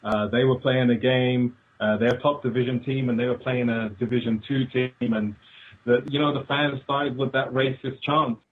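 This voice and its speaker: A British man calls in as a radio guest, his speech hesitant and filled with pauses. His voice sits at a middling pitch and comes through a tinny phone line. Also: fairly even intonation, breathy edge.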